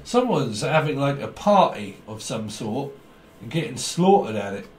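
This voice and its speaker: A man's voice: mid-range voice, sing-song, normal speed, darkish tone, roomy sound, a little hiss or hum. A man doing a tarot reading, rambling and jokey, often giggling. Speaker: tarot reader.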